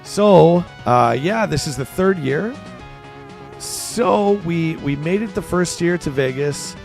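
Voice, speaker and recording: A Canadian man hosting a livestream, talking casually as he reads his chat aloud and answers it. His pitch bounces around a lot as he rambles. Faint game music plays behind him. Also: animated, takes it slowly, darkish tone. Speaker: streamer host.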